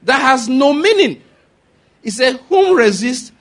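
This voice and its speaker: A man preaching a sermon, often pausing to ask the congregation if they follow his point. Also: very high-pitched, sing-song, fairly bright tone. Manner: repeats rhetorical questions to the congregation. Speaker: pastor.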